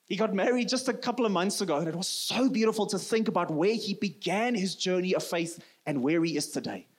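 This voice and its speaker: A South African man in his thirties, a native Afrikaans speaker, preaching a sermon in an earnest way and often dropping to a soft, low voice for emphasis. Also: animated, fairly quick, slightly rough. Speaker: pastor.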